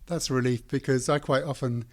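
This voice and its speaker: A man's voice: mid-range voice, steady tone, a little fast. Man, interviewer, probing, dry humor, conversational. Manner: probing, dryly humorous questions. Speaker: podcast co-host interviewer.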